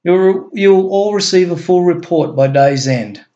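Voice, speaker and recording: A man's voice: high-pitched, a little slow, mellow, muffled recording, pitched above the performer's own voice. A man voicing an earnest male agency chief in a homemade story reading, explaining things in an eager, insistent way. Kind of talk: amateur story reading with voices.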